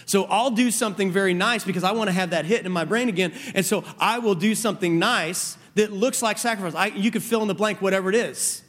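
A man's voice: high-pitched, quick pace, hardly any pauses, a bit bright. A man preaching a sermon on marriage, earnest, often repeating words as he builds a point. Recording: long reverb of a large hall.

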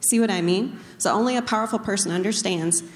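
Speaking fast in a mid-range voice, this pastor's wife shares the stage at a casual church talk, telling an anecdote about herself with chatty, self-mocking humor. A large hall gives the recording a long reverb.

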